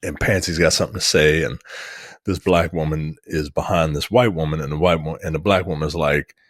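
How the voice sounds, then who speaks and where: A man co-hosting a casual movie review podcast, profane and animated, retelling scenes. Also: very deep voice, a little fast, no echo, clean studio sound. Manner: animated, profane, recounts scenes with acted quotes. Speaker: podcast co-host.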